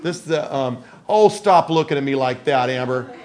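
A man's voice: mid-range voice, animated, normal speed, a little mellow. A middle-aged man preaching a sermon in a folksy storytelling way, often laughing at his own stories. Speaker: pastor.

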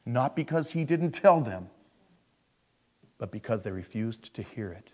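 A man preaching a sermon. He is animated, swings from loud emphasis to hushed asides, and acts out the people he quotes. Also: mid-range voice, unhurried, husky. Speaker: pastor.

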